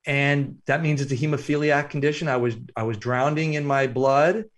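Guesting on an interview as an author, a man recounts a thoughtful story in a steady, mid-range voice. His delivery is slow and hesitant, sprinkled with fillers.

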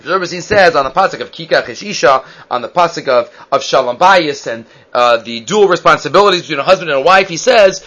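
High, bright-voiced man teaching Torah. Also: dull audio. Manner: animated storyteller, acts out voices, mixes in Hebrew terms. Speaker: rabbi teaching the weekly Torah portion. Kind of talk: Torah class with storytelling.

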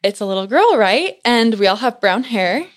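A woman's voice: fairly high pitch, sing-song, normal speed. Chatty young woman telling a story. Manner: chatty, peppers speech with "like". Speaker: podcast guest. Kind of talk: casual storytelling.

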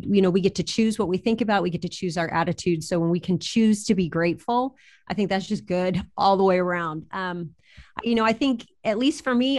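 A woman co-hosting a church podcast, talking earnestly and reflectively about gratitude. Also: mid-range voice. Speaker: podcast co-host. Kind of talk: casual devotional talk.

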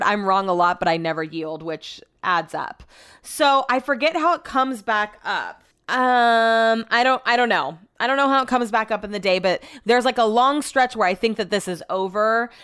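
A woman's voice: fairly high pitch, a bit bright, clear, resonant tone, dry recording, studio quality. A woman hosting a casual solo podcast, chatty and exasperated, swearing freely. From America. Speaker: podcast host. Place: small room at home.

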